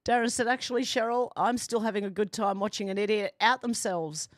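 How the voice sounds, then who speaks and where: A woman's voice: mid-range voice, fairly quick, no echo, clean studio sound. Woman reading out live chat. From Australia. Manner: reads viewer comments aloud in a chatty, amused tone. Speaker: livestream host reading chat. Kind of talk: casual livestream chat. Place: home, doors and windows open.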